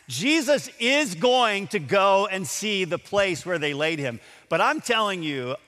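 A man preaching a sermon with a high, bright voice that swings widely in pitch. He takes his time, reading scripture aloud and acting out the speakers, and his words ring through a hall with a long echo.

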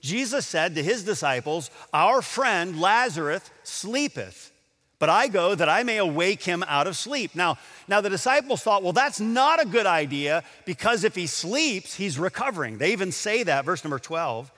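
Expressive preacher in a reverberant hall. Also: male voice, high-pitched, moderate pace. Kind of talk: sermon.

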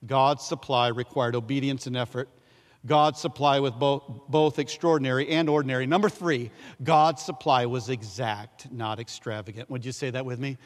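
A male pastor preaching a sermon, leading call-and-response, repeating key phrases and swinging between loud emphasis and hushed lines. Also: mid-range voice, fairly even intonation, moderate pace. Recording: long hall reverb.

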